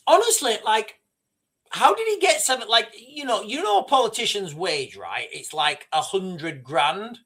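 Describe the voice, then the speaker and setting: A man's voice: high-pitched, unhurried. A middle-aged man hosting a livestream, ranting casually with lots of swearing and rambling asides. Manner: profane, rambling, animated storytelling. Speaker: livestream host.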